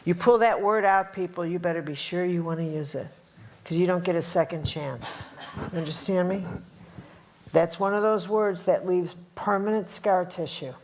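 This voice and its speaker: A woman's voice: lowish voice, moderate pace, a little mellow, slight background noise. A woman from the Chicago area teaching a live spiritual workshop to an audience. She talks bluntly and repeats her lines for punch.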